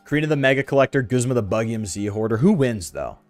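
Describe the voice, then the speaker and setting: Young dude w sore throat hyping up a game, bro this bro that, pitch all over, dry mic. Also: male voice, quick pace, dry recording, soft background music. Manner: slangy, excitable, lots of "dude" and "bro". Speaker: gaming video host. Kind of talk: casual game commentary.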